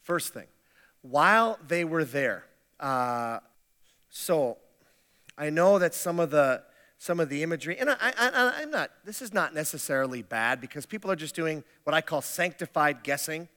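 A man preaches with a bright, forceful voice pitched a little high. He keeps it conversational and joking, tripping over restarts, and his words ring out with a long hall reverb. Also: animated, normal speed. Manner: conversational, humorous, with frequent restarts. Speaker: pastor. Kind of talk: sermon.

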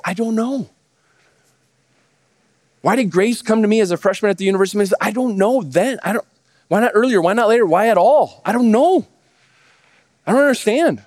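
A man in his thirties, a pastor, preaching a sermon with lively rhetorical questions that he answers himself. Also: high-pitched, brisk, pauses often.

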